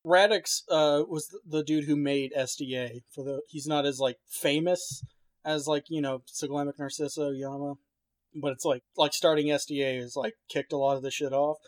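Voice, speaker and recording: Man, higher-pitched, rambling, profane, lots of "like", casual podcast chat. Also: fairly even intonation, normal speed, no echo. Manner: rambling, profane, many fillers and restarts. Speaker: podcast co-host.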